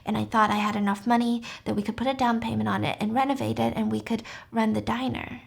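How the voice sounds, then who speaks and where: A woman's voice: fairly high pitch, steady tone, fast talker, vocal fry, breathy edge. A woman voicing an obsessive, clingy young man in a casually retold story, speaking in an earnest, protesting way.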